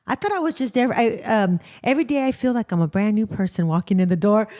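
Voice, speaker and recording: A young adult woman telling stories from her shifts as a correctional nurse. She talks in a loose, chatty way and often breaks into laughter. Her pitch sits in an ordinary middle range. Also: fast talker, dark tone. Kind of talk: casual chat.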